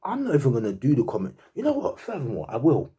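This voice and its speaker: A man's voice: medium pitch, huge pitch swings, fast talker, mellow, breathy edge. A man giving a fan's reaction to a football match, laughing and disbelieving, repeating himself in slangy chat. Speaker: football fan commentator. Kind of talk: animated fan reaction rant.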